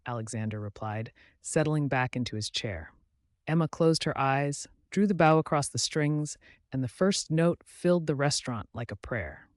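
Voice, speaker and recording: A male narrator reading a scripted emotional story. His delivery is measured and dramatic at a middle pitch. The recording is dry and close, with no room sound. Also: expressive, dry recording.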